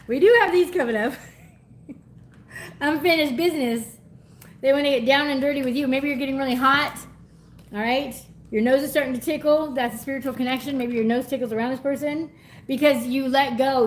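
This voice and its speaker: A higher-voiced woman hosts a live energy reading, talking in a chatty, effusive way. She laughs often and goes soft and teary when something moves her. A faint hiss sits under her voice. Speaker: tarot reader.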